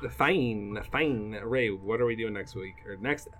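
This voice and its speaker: A man's voice: on the low side, measured pace, fairly bright tone, slight background noise. A man co-hosting a podcast in casual chat, joking and teasing his friends. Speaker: podcast co-host.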